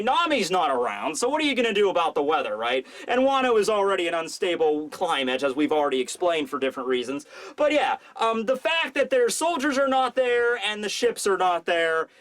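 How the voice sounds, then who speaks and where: A man with a high voice talks through a manga chapter in a casual, rambling way. He fills his talk with "uh" and "you know" and drops in jokes. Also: fairly bright tone. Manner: rambling, filler-heavy, jokey. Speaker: manga review host. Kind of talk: casual chapter recap commentary.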